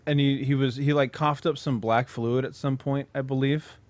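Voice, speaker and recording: A podcast co-host casually retells a horror movie plot, swearing freely and rambling with lots of "like," filler, and restarts as he circles back on himself. His medium-pitched voice is steady at normal speed.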